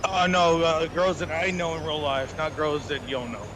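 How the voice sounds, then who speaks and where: Animated higher-voiced man, noisy background. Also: moderate pace. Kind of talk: casual chat on a live stream. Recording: clear background noise.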